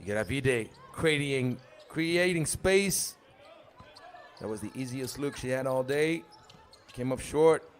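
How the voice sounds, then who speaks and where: A man's voice: medium pitch, expressive, takes it slowly. A man doing live play-by-play commentary for a basketball tournament, joking and chatting between calls. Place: arena at a live 3x3 tournament.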